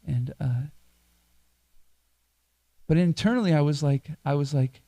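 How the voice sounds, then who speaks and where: Mellow-voiced middle-aged temple priest. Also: male voice, a little high, unhurried, pauses often. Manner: chatty, self-deprecating storyteller who chuckles at himself. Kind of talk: sermon told through a personal anecdote. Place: temple hall.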